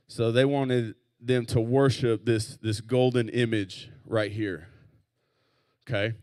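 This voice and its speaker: A man, a youth pastor, teaching a Bible story to teenagers in a relaxed, conversational way and getting them to repeat words back. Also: mid-range voice, slow, no room sound. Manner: casual, leads call-and-response with the group. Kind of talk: youth group Bible lesson.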